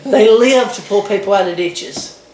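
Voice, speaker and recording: A woman's voice: medium pitch, normal speed, mellow, roomy sound, poor audio. A woman from Alabama with a Southern accent who co-hosts a casual chat, telling folksy stories with dry humor. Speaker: co-host.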